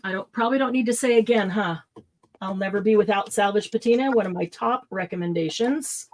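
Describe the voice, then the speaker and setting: A woman's voice: mid-range voice, brisk, darkish tone, low-quality recording. A middle-aged woman hosting a live craft supply sale, chatting casually, laughing often and listing product colors.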